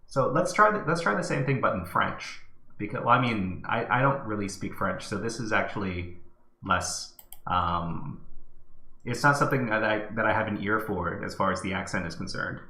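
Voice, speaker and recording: A man's voice: lowish voice, lively intonation, normal speed, bright, forceful tone, roomy sound. A man hosting a screen-recorded tech tutorial, thinking aloud in a hesitant way. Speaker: tutorial host.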